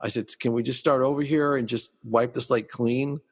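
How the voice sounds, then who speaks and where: A man's voice: mid-range voice, normal speed, breathy edge, big-room sound. A man, a party DJ and MC, telling a story on a podcast in casual chat, acting out the lines of the people in it. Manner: animated storyteller acting out dialogue.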